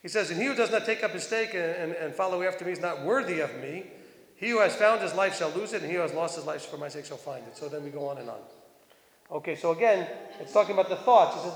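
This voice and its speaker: A man teaches a congregation in a sermon, preaching conversationally as he reads verses aloud and asks his listeners questions. His slightly high voice is expressive and quick, echoing in a hall.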